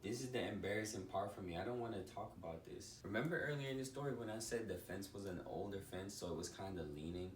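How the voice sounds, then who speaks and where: A man telling a story in a casual vlog, animated, laughing often and acting out scenes. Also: on the low side, fast talker, few pauses, slight background noise. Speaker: vlogger. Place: indoor room, bedroom. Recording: echoey room, from a distance, faint music.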